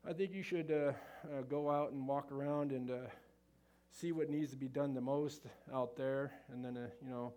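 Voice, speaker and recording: A man's voice: medium pitch, steady tone, natural voice. A man imitating a hesitant, rambling male work supervisor who mumbles through vague orders. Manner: halting, mumbling, overly gentle.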